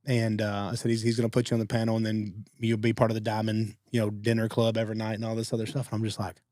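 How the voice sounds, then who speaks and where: Fast-talking man telling stories. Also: on the low side, no room sound, clean studio sound. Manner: fast-talking, animated quoting of others. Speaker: podcast co-host. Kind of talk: casual storytelling.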